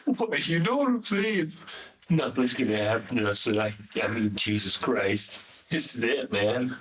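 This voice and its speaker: A man's voice: mid-range voice, animated, unhurried, fairly bright tone, breathy edge, poor audio. A man pleading urgently with his son during a police interview, repeating himself as he presses him. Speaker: father.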